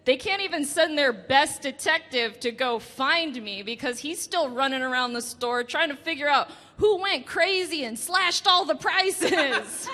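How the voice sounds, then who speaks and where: Late-twenties woman comic: high, unhurried and halting, giggling at her own lines on a reverberant club stage. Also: pushed and bright. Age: late 20s. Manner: halting delivery, laughing at her own jokes. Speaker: stand-up comedian. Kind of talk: stand-up set. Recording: reverberant club room with faint music.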